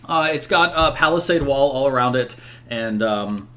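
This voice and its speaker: A man's voice: mid-range voice, expressive, normal speed, sharp tone. A man narrating a tabletop role-playing game as game master, rambling with many fillers.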